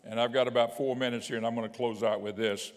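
A male bishop delivers a sermon in an easy, conversational way, stopping to read scripture passages aloud. His voice sits at an ordinary middle pitch. The sound carries a long reverb tail, as if from a large hall. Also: steady tone, fast talker. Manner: conversational preaching, reads scripture aloud, chuckles now and then. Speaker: bishop preaching.

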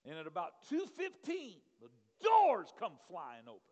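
Animated preacher with a high, lively voice. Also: male voice, normal speed, in a large hall, lo-fi sound. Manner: animated, acts out quotes, shouts at peaks. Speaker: pastor. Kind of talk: sermon storytelling.

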